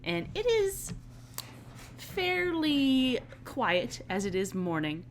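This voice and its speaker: A woman's voice: high voice, big pitch swings, takes it slowly, slight background noise. A woman narrating as game master of a tabletop game, laughing often as she talks.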